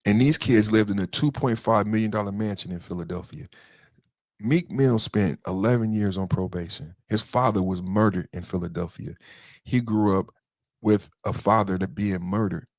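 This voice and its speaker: A man's voice: on the low side, moderate pace, darkish tone, no echo, studio quality. A man hosting a podcast in heated livestream commentary, emotional and profane, repeating himself and answering chat commenters directly. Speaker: podcast host.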